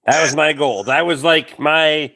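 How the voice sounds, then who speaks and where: A man in his forties with a Canadian accent, hosting a live stream in excitable, stammering casual chat. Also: on the high side, a little slow. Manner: stammering, excitable, laughs a lot.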